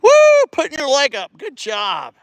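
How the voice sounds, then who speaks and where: A man with a somewhat high voice chats casually into his phone outdoors on a residential street, coaching and cheering a child between long, halting rambles full of restarts. The sound is dry and close, with no echo around him. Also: lively intonation, creaky, fairly bright tone. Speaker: vlogger livestreaming. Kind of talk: casual live-stream chat.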